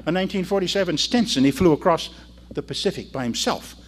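Older man, preacher, sermon, storytelling, call-and-response, loud then low asides, fairly high voice. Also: fast.

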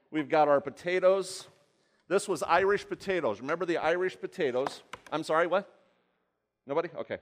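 A man giving a live cooking demonstration, chatty and rambling, often asking the audience questions. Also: on the high side. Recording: long hall reverb.

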